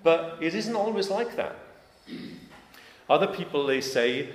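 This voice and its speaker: A man's voice: on the high side, animated, a little slow, long pauses. A man preaching a sermon, talking in a conversational way and putting questions to the congregation with emphasis. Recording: echoey hall, faint ambience.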